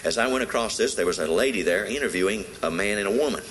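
Emphatic low-voiced male preacher. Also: expressive, fast, fairly bright tone, a little hiss or hum, low-quality recording. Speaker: pastor. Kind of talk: sermon. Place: church service.

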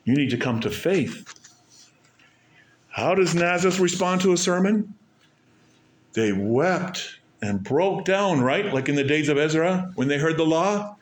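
A man preaching a sermon, asking rhetorical questions and stressing points with pauses and sudden drops in volume. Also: on the high side, expressive. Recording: echoey room.

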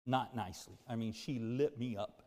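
A pastor preaching a sermon, moving from loud, emphatic lines to low, quiet confession. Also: male voice, normal speed. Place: church sanctuary. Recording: music and long reverb of a church hall.

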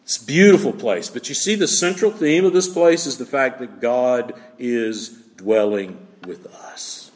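A man preaching a sermon as a pastor, expressive, acting out small everyday scenes as he teaches. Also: medium pitch, unhurried, few pauses. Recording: reverberant hall.

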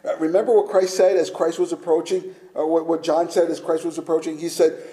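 A man preaching a sermon, emphatic, shifting between loud declarations and hushed, almost whispered lines. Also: fairly high pitch, flat delivery, a little fast, hardly any pauses. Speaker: pastor.

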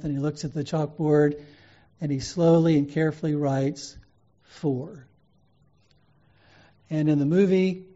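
A male preacher delivers a sermon in earnest, storytelling fashion, pausing in measured beats. His voice sits fairly high for a man, with a warm, mellow color. The recording sounds slightly muffled and dull.

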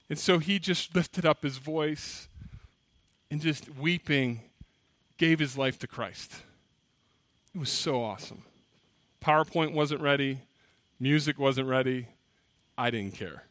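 A male pastor preaching a sermon, telling stories with lively acted-out quotes. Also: a little high, no echo. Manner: animated storytelling, acts out quoted voices. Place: church.

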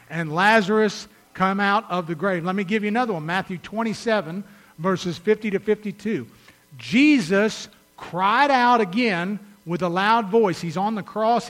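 A male pastor delivers a sermon in a notably high voice. He moves between reading scripture, telling stories and calling out to his listeners, and his voice climbs to loud shouts before sinking to hushed, urgent words. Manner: reads scripture aloud and retells stories with voices.

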